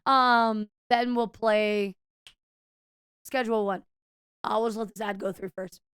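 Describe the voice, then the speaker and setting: A young woman streams and talks to her viewers in an animated, swearing storytelling style, stumbling now and then over her words. Her voice sits a little high and sounds bright and crisp. It is recorded close on a mic in a dry room. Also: slow, no echo. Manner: animated storytelling, quoting herself, swears often, slight stutter. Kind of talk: casual chat to stream viewers.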